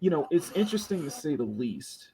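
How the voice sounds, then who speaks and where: Man, live stream host, casual chat, jokey, laughs a lot, higher voice, lively pitch, faint noise behind. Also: brisk. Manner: jokey, laughs often, restarts sentences.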